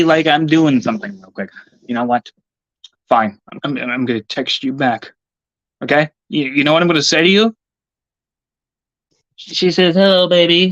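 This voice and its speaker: A man's voice: on the high side, fairly bright tone, dry recording, dull audio. A man livestreaming, rambling casually and muttering to himself in an irritable, profane way. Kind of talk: rambling casual stream talk.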